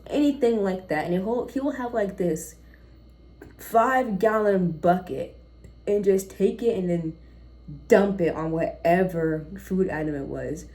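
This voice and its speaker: Young woman, vlogger, casual unscripted rant, mellow low voice, blunt, rambling. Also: a little slow. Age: young adult. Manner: blunt and profane, rambling off topic.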